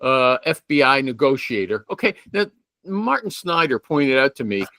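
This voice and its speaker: A man's voice: mid-range voice, sing-song, normal speed, bright, forceful tone, no room sound. A man hosting a casual podcast interview, probing his guest with pointed questions and cutting in often. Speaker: host.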